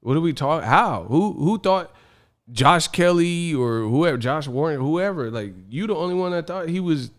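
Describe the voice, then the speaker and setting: A man's voice: a little high, lively intonation, moderate pace. A man hosting a boxing livestream, ranting casually in an exasperated, slangy way and laughing often. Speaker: boxing stream host.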